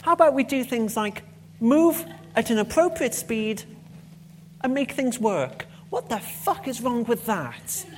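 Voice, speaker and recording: A woman's voice: on the high side, lively intonation, measured pace, slight background noise. Passionate woman giving a conference talk. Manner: passionate, emphatic, swears when annoyed. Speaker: conference speaker.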